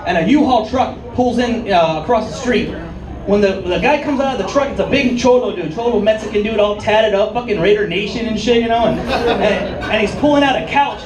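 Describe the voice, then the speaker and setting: A man with a very high voice tells stand-up stories in a punchy, conversational way. He sounds distant and echoey in a comedy club, with a crowd and noise all around.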